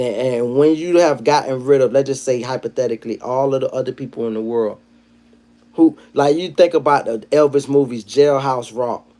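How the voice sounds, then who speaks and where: A man hosting a livestream, telling stories in a profane, animated commentary style and breaking into acted quotes. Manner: animated, profane storytelling, jumps into high-pitched acted quotes. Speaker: livestream host.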